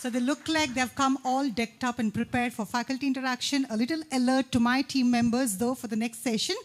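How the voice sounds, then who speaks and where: High-voiced upbeat woman emcee. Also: steady tone. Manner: upbeat, coaxing, rattles off tongue twisters fast. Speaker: event emcee. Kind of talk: lively stage hosting. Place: campus event hall.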